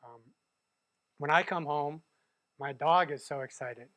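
Conversational man preaching, higher voice. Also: a little slow, sharp tone, dry recording. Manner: conversational, keeps asking "right?". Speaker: pastor. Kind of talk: sermon.

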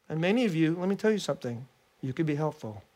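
A pastor giving a sermon in an animated, conversational storytelling manner. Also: mid-range voice.

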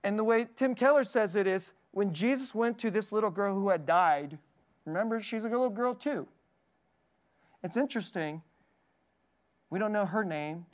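Male pastor, high voice, earnest sermon delivery, warm laughs, gentle quiet dips. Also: moderate pace, pauses often. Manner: earnest, tender preaching with frequent laughs and soft dips.

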